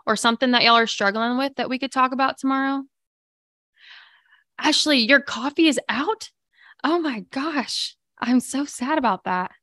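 A woman hosts a live morning stream, chatting upbeat and loose with her viewers, full of fillers. Her voice is smooth and clear. The sound is dry and close to the mic. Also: medium pitch, a bit bright, dry recording. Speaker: livestream podcast host. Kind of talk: casual live chat with viewers.

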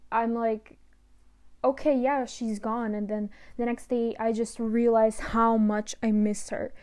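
Young woman, low-key and halting. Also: darkish tone. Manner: emotional, halting, apologetic. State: close to tears. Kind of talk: personal monologue.

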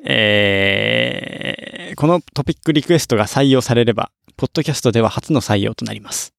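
A man's voice: medium pitch, very fast, creaky, a bit bright, no echo, clean studio sound. A man co-hosting a casual podcast chat, laughing often and reading a listener's message aloud. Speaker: podcast co-host. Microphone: studio mic with monitor headphones.

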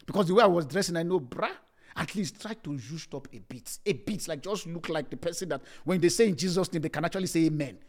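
A young adult male pastor, heard through a streamed service microphone, preaches with scripture readings and funny personal anecdotes for his congregation. His voice is fairly high and his pace quick.

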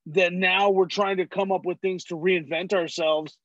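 A comedian from California telling stories as an interview guest. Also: male voice, high-pitched, steady tone, normal speed, no room sound, highs cut off. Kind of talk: casual interview chat.

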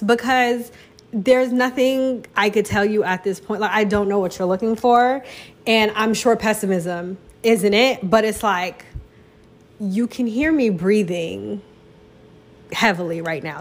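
A chatty young woman talks on her own in a loose, casual way, poking fun at herself as she goes. Her voice sits at a middle pitch. She jumps into big, exaggerated voices whenever she quotes other people. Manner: chatty, self-deprecating, dramatic quoted voices. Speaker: podcast host. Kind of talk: casual solo chat.

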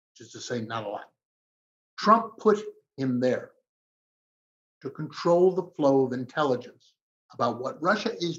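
A man arguing emphatically as a guest commentator, with dramatic pauses in a heated political debate. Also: medium pitch, a bit bright. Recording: slightly dull lo-fi audio.

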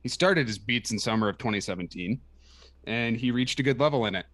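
Dry podcast co-host reading mail. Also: male voice, mid-range voice, brisk, fairly bright tone. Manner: dry, reads emails aloud. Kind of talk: casual chat.

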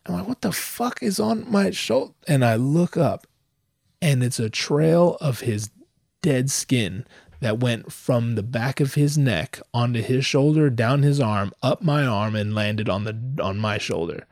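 A young man telling a profane, exasperated story in a dry close recording, with slangy talk that keeps stammering and restarting. His pitch stays mid-range as he rants animatedly. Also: measured pace, darkish tone, no room sound. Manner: stammers and restarts when worked up. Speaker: vlogger. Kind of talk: casual storytelling rant.

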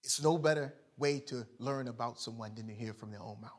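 A man preaching a sermon in an emphatic, conversational way, swinging from loud to quiet. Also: medium pitch, a little fast. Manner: conversational, illustrates with sports stories.

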